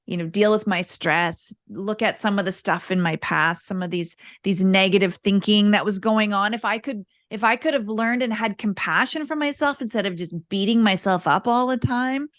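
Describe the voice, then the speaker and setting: A woman guest on a podcast, a parenting coach telling candid, animated stories in casual interview chat. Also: mid-range voice, moderate pace, hardly any pauses. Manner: earnest, animated, candid storytelling.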